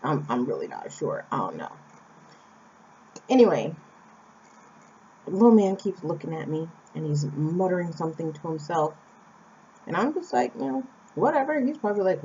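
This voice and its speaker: A woman's voice: fairly low pitch, very animated, moderate pace, long pauses, a little mellow. A young American woman from Phoenix, telling a personal story in a chatty, casual way with asides to the viewer. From Phoenix, Arizona, USA. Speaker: vlogger. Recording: slightly dull lo-fi recording.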